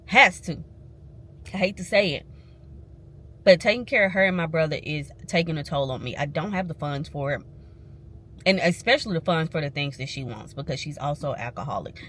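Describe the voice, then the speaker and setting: Parked in her car, a woman vlogger talks candidly and emphatically to her viewers, venting frankly in casual chat. Her voice is low, and there's slight background noise.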